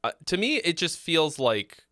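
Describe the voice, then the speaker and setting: A man hosting a live song-feedback stream, speaking bluntly with many fillers and frequent throat clearing. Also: a little high, sing-song, unhurried, sharp tone, no room sound, clean studio sound. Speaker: host giving song feedback. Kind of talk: casual live critique.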